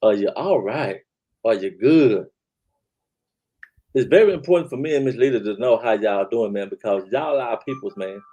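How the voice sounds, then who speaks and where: A man's voice: mid-range voice, animated, normal speed, mellow, breathy edge, dull audio. Laid-back man hosting a chat stream. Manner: laid-back, repeats "man" and "y'all", reads chat aloud. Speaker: talk show host. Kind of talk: casual live-stream chat.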